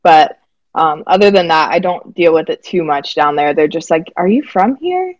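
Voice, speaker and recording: An easygoing young woman from Alabama talks casually, with a faint Southern twang worn down by years away. Her voice sits a little low for a woman, and the recording is close and dry with almost no room sound. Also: steady tone, normal speed, dry recording, highs cut off. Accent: faint Southern US, softened toward West Coast. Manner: easygoing, chatty, laughs lightly. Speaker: guest, basketball player development director. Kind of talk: casual interview chat.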